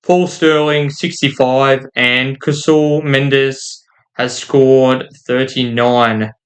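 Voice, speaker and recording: A man's voice: mid-range voice, fairly even intonation, takes it slowly. A man giving casual commentary while reading out game results, stumbling over names and making self-deprecating asides. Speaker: gaming YouTuber.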